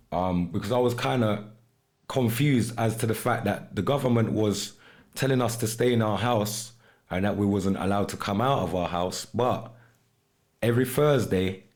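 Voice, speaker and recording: A man's voice: fairly low pitch, a little mellow. A man hosting a podcast about his music, talking casually and slipping into patois phrases. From United Kingdom. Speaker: podcast host and music artist.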